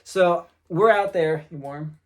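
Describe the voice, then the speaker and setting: A man hosting his own podcast, telling a family story in a loose, casual way. He sounds fairly high for a man and keeps it animated, acting out the quotes. He is in his thirties or forties. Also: slow. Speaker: podcast host.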